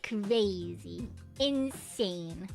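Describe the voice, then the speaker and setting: A woman's voice: medium pitch, lively intonation, very slow, gravelly, a little mellow, soft background music. A woman streamer chatting casually with viewers, rambling, giggling often and swearing freely. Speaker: VTuber streamer. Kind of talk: casual stream chat reading viewer messages.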